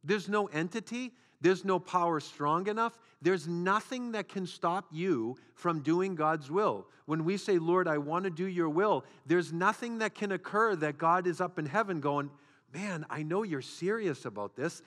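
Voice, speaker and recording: A man's voice: high voice, unhurried, hardly any pauses, fairly bright tone. A man preaching a sermon as a pastor, with repeated phrases and rhetorical questions. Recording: long hall reverb.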